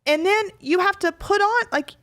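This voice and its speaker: A woman's voice: extremely high pitch, normal speed, fairly bright tone. A woman hosting a podcast, chatting casually and telling stories dramatically with quoted asides. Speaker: podcast host. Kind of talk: casual chat.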